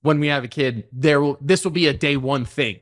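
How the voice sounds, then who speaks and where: A man's voice: on the high side, a little fast. A man in his twenties hosting a gaming podcast, telling stories in a rambling way with frequent restarts. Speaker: podcast host. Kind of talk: casual chat.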